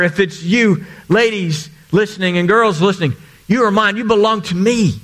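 A man's voice: high-pitched, moderate pace, fairly bright tone. A man preaching a sermon as pastor, earnest and repeating phrases for emphasis.

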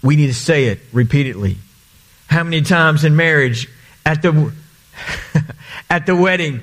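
Earnest high-voiced male pastor preaching. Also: normal speed. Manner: earnest, repeats phrases for emphasis. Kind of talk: sermon.

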